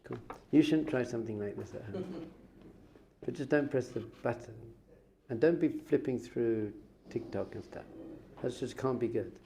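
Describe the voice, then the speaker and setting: A man teaching as a rabbi in a lively class for young students, telling stories with acted-out exclamations and frequent laughs. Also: mid-range voice, unhurried, noisy background. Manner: animated storytelling, acts out quotes with exclamations; chatty, laughs often.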